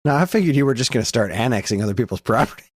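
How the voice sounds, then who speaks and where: A man co-hosting a casual podcast, chuckling and dropping quick wry jokes. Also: medium pitch, lively intonation, husky, no echo. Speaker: podcast co-host. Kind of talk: casual chat.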